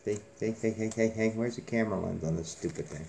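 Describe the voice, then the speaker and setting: A man's voice: lowish voice, fast talker, creaky, mellow. A man hosting a casual giveaway drawing on his channel, joking and rambling in a folksy way. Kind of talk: casual chat.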